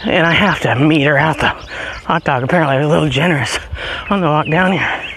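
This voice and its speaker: A man chatting casually as he walks his dogs up a hilly road outdoors, a bit out of breath, now and then calling the dogs in a high sing-song voice. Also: fairly quick, a bit bright, a little hiss or hum. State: out of breath from walking uphill. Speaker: podcast host. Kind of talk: casual walking vlog.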